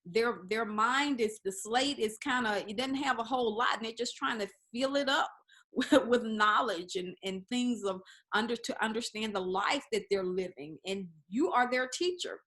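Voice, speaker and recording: A woman's voice: on the high side, a bit bright. A woman hosting a talk show, framing questions for her guest with frequent restarts. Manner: halting, restarts sentences while framing questions. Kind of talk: interview.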